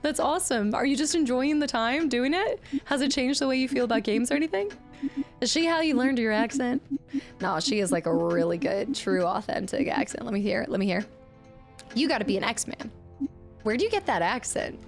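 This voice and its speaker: A woman livestreamer chatting casually while playing a game, gushing and excitable, thanking viewers by name. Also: fairly high pitch, fairly quick, soft background music. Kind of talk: casual game stream chat.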